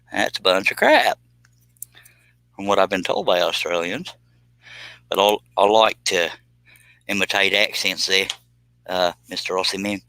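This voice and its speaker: A man's voice: sits low, measured pace, long pauses, bright, forceful tone, no room sound, low-quality recording. A man, casually chatting and joking with viewers on a live stream while doing scroll saw work in his workshop.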